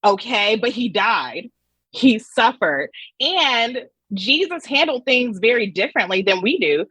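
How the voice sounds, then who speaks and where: A woman guest on a podcast, talking in an animated, emphatic and blunt way with casual swearing. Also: fairly high pitch, a little slow, breathy edge, no echo, poor audio.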